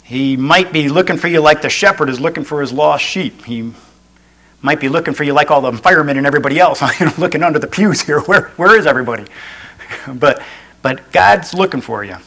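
A man's voice: on the high side, fairly quick, a bit bright, rough recording. A male pastor preaching a sermon in an earnest way. He restates each point and adds folksy asides.

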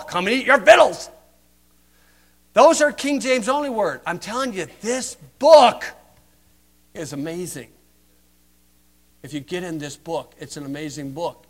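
An older man from the United States delivers a sermon in a high voice. He mocks with heavy sarcasm and swings between loud emphasis and quiet, earnest asides. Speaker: preacher.

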